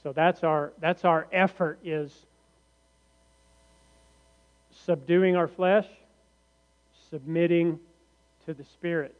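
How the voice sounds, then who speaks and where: Slow-preaching pastor, man, in a reverberant hall. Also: a little high, fairly even intonation. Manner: slow, deliberate preaching with frequent rhetorical questions to the congregation. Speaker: teaching pastor. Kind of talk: sermon. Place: church sanctuary. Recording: reverberant hall, muffled lo-fi sound.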